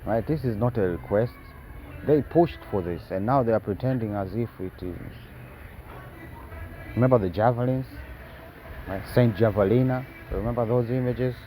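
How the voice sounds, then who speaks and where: A man reads news reports in a dark, mellow voice and keeps cutting in with sarcastic asides and tag questions. He stumbles and restarts often, and a faint hum of traffic sits behind him. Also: mid-range voice, poor audio. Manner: halting, with many fillers and restarts. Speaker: news commentator. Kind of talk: reading news and commenting.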